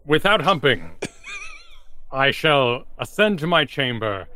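A man's voice: medium pitch, big pitch swings, slow pace, pushed and bright, slight background noise, heavily acted. A man voicing a pompous, aloof lizardfolk champion who speaks in grandiose formal phrases.

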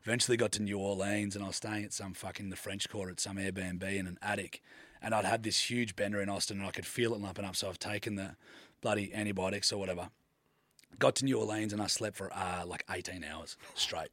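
A young Australian man with a lowish voice, rattling through a story at speed. He talks in a laid-back way, swears freely and acts out what people said. The sound is close and dry. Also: steady tone, fast talker, fairly bright tone, no room sound. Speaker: podcast guest. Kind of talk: casual chat, storytelling.

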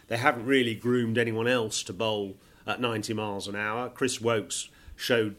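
Low-voiced brisk English podcast host. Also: male voice, steady tone, fairly bright tone. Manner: brisk, summarising, lightly teasing. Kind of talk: casual analytical chat.

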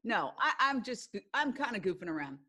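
An older woman speaks as a podcast guest in a fairly high voice. She tells her stories earnestly, acting out what others said, in a relaxed conversational way. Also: brisk, breathy edge. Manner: earnest storyteller, acts out quoted speech. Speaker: guest, broadcast journalist.

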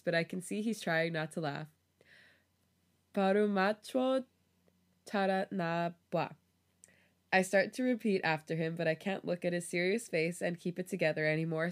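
Woman, podcast co-host, fairly low voice, reads fan fiction aloud, laughs easily. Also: fairly even intonation, a little fast, hardly any pauses. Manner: breaks into laughter while reading.

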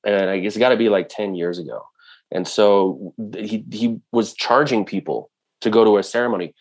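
A man's voice: on the low side, moderate pace. A man speaking earnestly in a conversational way about culture, with frequent restarts. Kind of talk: casual talk.

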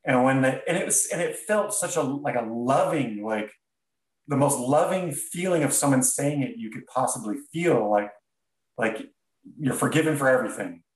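A man's voice: medium pitch, lively intonation. Man telling his story, echoey and distant. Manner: earnest, halting, with frequent restarts. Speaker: podcast guest. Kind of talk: reflective storytelling.

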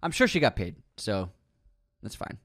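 A playful man with a low voice that moves around a lot as he talks, co-hosting a casual chat. He jokes and fires off short, quick replies. His voice is recorded close and dry, with no room sound. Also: wildly swooping pitch, a bit bright, dry recording. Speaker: podcast co-host.

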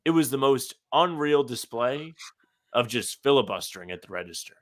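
A man's voice: mid-range voice, animated, normal speed, fairly bright tone. A young man co-hosting a podcast, telling casual anecdotes with lots of "like". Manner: chatty anecdotes, many "like" fillers. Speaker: podcast co-host. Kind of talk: casual chat.

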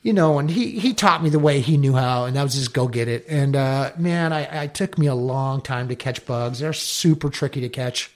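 A middle-aged man from Southern California, a podcast guest telling animated, profane stories and acting out what others said. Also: mid-range voice, normal speed, hardly any pauses. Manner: animated, swears freely, acts out quotes. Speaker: podcast guest, dive company owner. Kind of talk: casual storytelling interview.

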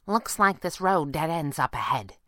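Brisk female flying squirrel scout in a storybook, read by a woman; plain, low, dry sound. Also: animated, pushed and bright, no echo. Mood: practical.

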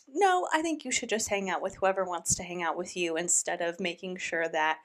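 A woman hosting a reaction commentary, talking in a sarcastic, animated and incredulous way. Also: lowish voice, a little fast. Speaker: commentary host.

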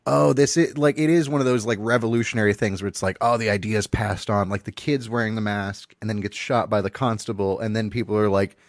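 A man's voice: fairly low pitch, steady tone, brisk, few pauses, no echo, clean studio sound. A young man in casual chat, explaining things with crude jokes and asides.

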